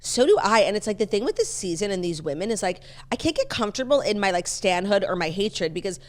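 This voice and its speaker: A woman co-hosts a casual chat podcast, and her pitch swings widely as she tells stories. She laughs often and swears freely. She is pregnant and keeps the talk loose and conversational. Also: lively intonation, fast talker, a little mellow. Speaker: podcast co-host.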